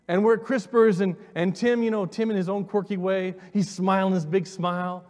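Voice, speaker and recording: A man's voice: high-pitched, fairly even intonation, normal speed, darkish tone. A pastor in his forties preaching a sermon with a personal testimony, earnest, repeating words and inviting the congregation forward. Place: church sanctuary. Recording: long reverb of a church hall.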